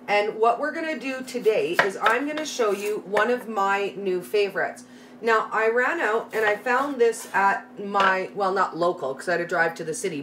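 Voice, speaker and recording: A woman's voice: medium pitch, a bit bright. A middle-aged Canadian woman hosting a live recipe tutorial from her home kitchen, chatting and greeting viewers by name. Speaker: live cooking host. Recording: slightly distant mic, faint background noise.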